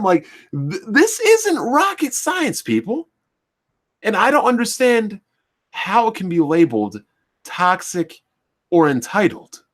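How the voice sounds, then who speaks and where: A man on his commentary channel rants straight to his viewers in a fairly high voice. His pitch rises and falls widely, and he drives his points home with one repeated rhetorical question after another. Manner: animated, repetitive rhetorical questions. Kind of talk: opinion rant to camera.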